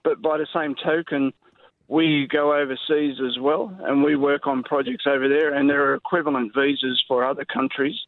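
A man who works as an engineer calling a talkback radio show, measured and hesitant. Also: medium pitch, steady tone, no echo. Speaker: caller, engineer. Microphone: telephone. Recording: tinny phone line.

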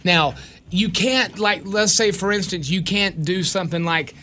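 A man's voice: sits high, a little slow, sharp tone, faint music behind. A man hosting a morning radio show, folksy and joking while he explains a phone-in game. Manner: folksy, jokey, explains rules patiently.

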